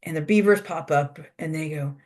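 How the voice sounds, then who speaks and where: An instructor tells a folk tale aloud to a class at an easy pace. The voice sits at a middle pitch, and words are repeated for rhythm. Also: moderate pace, a little mellow. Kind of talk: oral storytelling in a class.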